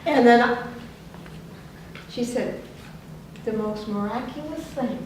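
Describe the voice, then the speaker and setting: A woman leading a workshop, telling a personal story in a lively way and acting out the voices she quotes. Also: fairly high pitch, takes it slowly. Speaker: workshop leader. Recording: very echoey room, distant mic, faint noise.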